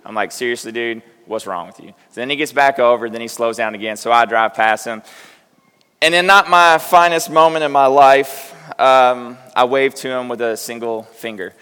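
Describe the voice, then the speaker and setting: Steady in tone and moderate in pace, a middle-aged man preaches in a mid-range voice that is fairly bright, clear and resonant. He keeps the sermon conversational, poking fun at himself in stories and questioning the congregation directly. The sanctuary gives the sound a long hall reverb.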